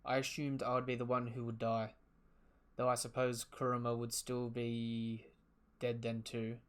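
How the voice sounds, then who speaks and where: A man's voice: mid-range voice, monotone, unhurried, clear, resonant tone, close to an everyday voice. A man reading aloud the lines of a stern adult male ninja in a plain, clipped way. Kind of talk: reading manga dialogue aloud.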